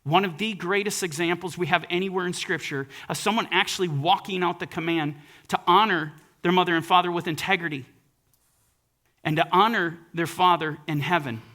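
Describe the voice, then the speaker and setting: Bright, high-voiced male preacher. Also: brisk. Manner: earnest, emphatic, reads scripture aloud. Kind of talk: sermon.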